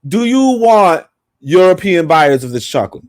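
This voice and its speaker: A man's voice: on the high side, very animated, moderate pace, no room sound, studio quality. A man co-hosting a podcast, talking in a rambling, emphatic, profane way. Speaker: podcast co-host. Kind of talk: casual opinionated chat.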